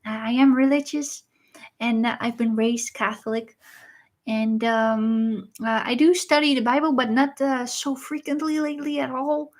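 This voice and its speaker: Chatty woman, higher voice. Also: fairly even intonation. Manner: chatty and unhurried, often pausing with uh and um. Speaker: livestream host reading viewer messages. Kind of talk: casual livestream chat.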